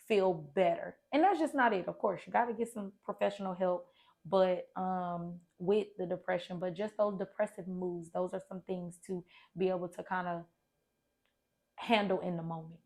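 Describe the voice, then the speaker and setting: A woman's voice: mid-range voice, creaky. A woman counselor giving casual, encouraging advice on a podcast. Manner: encouraging, conversational. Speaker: licensed counselor guest.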